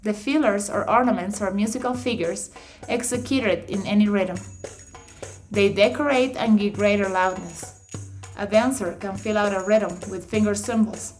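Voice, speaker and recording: A woman narrating an instructional audiobook, reading definitions in a measured, explanatory way. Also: mid-range voice, darkish tone, soft background music. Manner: measured, explanatory reading with slightly awkward phrasing.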